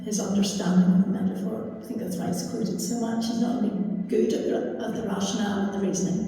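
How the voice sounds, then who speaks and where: A woman gives a lecture-style talk in a church. She reads aloud and drifts into chatty asides, in a very dark, mellow tone. The voice comes from far off in a long, echoing church hall with faint background noise. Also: medium pitch. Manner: chatty asides with many fillers. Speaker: guest speaker at a church.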